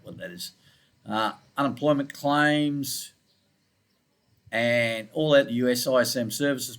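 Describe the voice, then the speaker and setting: A man from Scotland with an Australian accent, walking through his trading charts in a laid-back, informal and self-deprecating way. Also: mid-range voice. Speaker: forex trading analyst. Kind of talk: casual screen-share market walkthrough.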